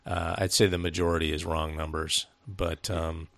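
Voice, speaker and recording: A man's voice: low voice, little pitch movement, moderate pace, vocal fry, fairly bright tone, dry recording. A man co-hosting a casual podcast chat, telling a rambling story with plenty of swearing, fillers and restarts. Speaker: podcast co-host.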